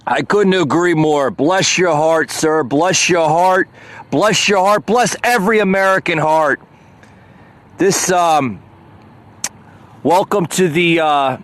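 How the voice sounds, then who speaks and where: A man hosts a political commentary podcast in a slow, halting delivery full of fillers. His voice sits a little high and carries open irritation. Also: a bit bright. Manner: aggravated, many uh fillers, stumbling. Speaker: podcast host.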